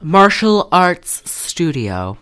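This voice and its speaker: A woman's voice: on the low side, sing-song, drawn-out words, a bit bright. A woman co-hosting a casual podcast, telling a profane, rambling story. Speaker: podcast co-host. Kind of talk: casual chat.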